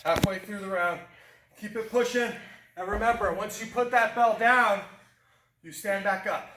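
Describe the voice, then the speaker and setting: High-voiced male fitness coach, echoey room. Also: moderate pace, bright, forceful tone, far from the mic, slight background noise. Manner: encouraging, cueing moves step by step. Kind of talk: workout instruction. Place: gym.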